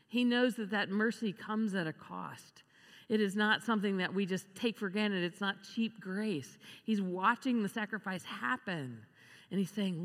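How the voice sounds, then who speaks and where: A woman preaching a sermon, expressive, acting out the voices she quotes. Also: medium pitch, moderate pace. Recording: long reverb of a large hall.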